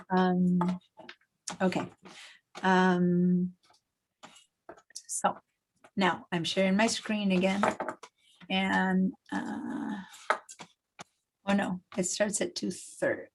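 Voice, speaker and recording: A woman's voice: medium pitch, level tone, very slow, vocal fry, long pauses, slight background noise, rough recording. A middle-aged woman from Argentina, teaching a design class over a video call in a chatty, step-by-step way with lots of fillers. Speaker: design instructor. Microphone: computer mic on a video call.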